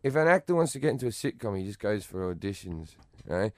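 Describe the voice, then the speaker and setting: A man's voice: lowish voice, sing-song, fast talker, darkish tone, no echo. A man with an Australian accent, chatting as a comedian guest in an interview, blunt, profane and self-mocking. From Western Australia. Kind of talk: casual interview chat.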